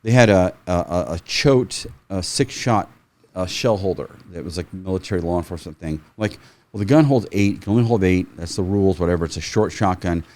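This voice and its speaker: A middle-aged man, a firearms trainer, telling stories in a casual, animated way, swearing freely and acting out quotes. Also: low voice, a little fast. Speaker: firearms trainer, podcast guest. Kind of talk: casual storytelling.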